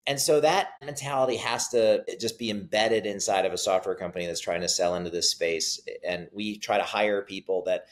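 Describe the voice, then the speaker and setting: Low-voiced man, animated storyteller. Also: fairly quick, hardly any pauses, poor audio. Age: middle-aged. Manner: animated storyteller, acts out quotes. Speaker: startup CEO guest. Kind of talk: conversational interview answers.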